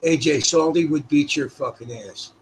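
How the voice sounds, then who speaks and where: A man's voice: on the high side, normal speed, rough recording. Crude heckling man, faint background noise.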